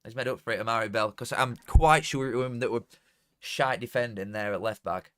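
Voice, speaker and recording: A man's voice: mid-range voice, fairly quick, clean tone. A young man with a Yorkshire accent chatting casually and swearing freely while he hosts a live football watchalong from home. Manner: excitable, swears freely, bursts into shouting at goals. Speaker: streamer hosting a football watchalong. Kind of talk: casual live stream commentary.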